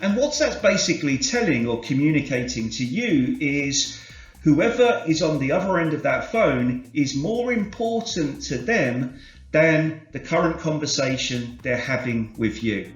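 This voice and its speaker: A man from the UK leading a corporate sales training session, explaining concepts in a measured way and varying his inflection to demonstrate. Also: fairly high pitch, animated. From United Kingdom. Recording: roomy, slightly dull, soft music behind.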